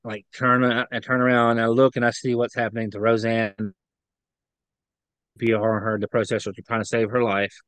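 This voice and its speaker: Smooth-voiced man recalling events. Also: mid-range voice, flat delivery, a bit bright, no echo. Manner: earnest, halting, emotional retelling. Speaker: interview guest, eyewitness. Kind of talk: personal recollection in an interview.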